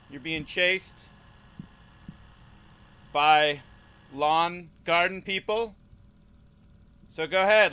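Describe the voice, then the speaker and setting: A man's voice: on the high side, bright, forceful tone, clean tone. A man hosting a game play-through, joking as a mock casting director. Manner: slow, mock-official casting director bit. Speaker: gaming channel host.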